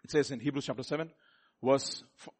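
A man preaching a sermon, swinging from loud exclamations to soft asides and putting questions to his listeners. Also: medium pitch, a little fast.

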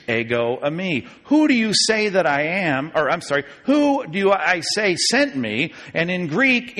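A man teaching a Bible class, emphatic and digressive, slowing down to stress key words. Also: on the high side, a bit bright. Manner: digressive, with fillers and chuckles. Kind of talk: classroom lecture on scripture. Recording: long hall reverb.

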